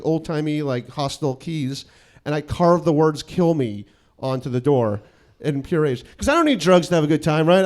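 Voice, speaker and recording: A man's voice: fairly high pitch, darkish tone. A man in his thirties from New York City, a comedian telling a profane, self-mocking personal story and acting out the quotes.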